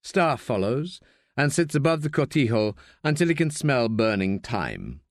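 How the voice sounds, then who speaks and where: A man reading an audiobook as narrator, measured and expressive. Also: mid-range voice, no echo, studio quality. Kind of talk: scripted narration.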